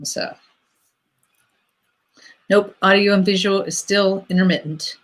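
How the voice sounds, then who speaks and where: Slow-talking woman on a livestream call. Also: mid-range voice, fairly even intonation. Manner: chatty, laughs often, sorting out tech trouble. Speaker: livestream co-host. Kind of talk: casual livestream chat. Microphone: computer mic on a video call.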